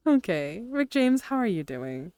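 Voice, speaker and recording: A woman's voice: mid-range voice, warm tone, clean tone, no echo. A young adult woman chatting casually on a VR stream, greeting viewers and giggling often. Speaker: VRChat streamer.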